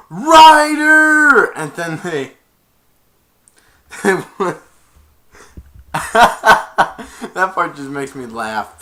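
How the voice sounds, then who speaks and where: A man talks through a film's story in a loose, rambling way, linking every event with "and then". His voice is bright and forward, and his pitch sits in the middle. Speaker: film reviewer. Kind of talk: casual plot retelling.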